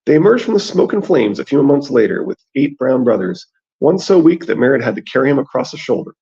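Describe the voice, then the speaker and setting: Gravelly man reading and chatting. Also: medium pitch, big pitch swings, fast talker, mellow. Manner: reads aloud, then chats about the text. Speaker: podcast host reading aloud. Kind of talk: casual book discussion and reading aloud. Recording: dull lo-fi sound.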